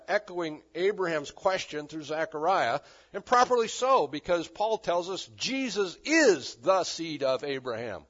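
Male pastor, animated emphatic sermon with dry humor; slightly high voice, muffled recording. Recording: dull lo-fi recording.

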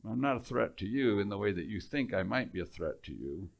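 A male preacher voicing a calm king who speaks in a low, quiet, measured way. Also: vocal fry. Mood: quietly assured.

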